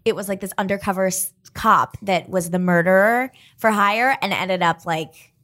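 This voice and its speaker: A woman co-hosting a casual chat podcast, telling stories in a chatty way with lots of fillers and quick laughs. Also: mid-range voice, a bit bright.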